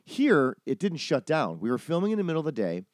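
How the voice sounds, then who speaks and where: A man casually telling a long story from his film-set days, animated and profane, acting out the people he quotes. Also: a little high, quick pace, no echo, studio quality. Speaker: podcast host telling a story.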